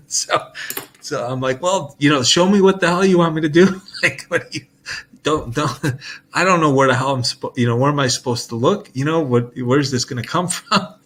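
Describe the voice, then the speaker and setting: A man's voice: mid-range voice, fairly bright tone, slightly rough. A man talking casually to his audience in a loose, rambling monologue, restarting sentences and laughing often.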